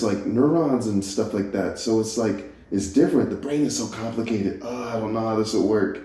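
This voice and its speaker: A man's voice: fairly low pitch, mellow. A man hosting a solo podcast, musing casually and rambling, stopping and restarting and laughing at himself. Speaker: podcast host. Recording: echoey room.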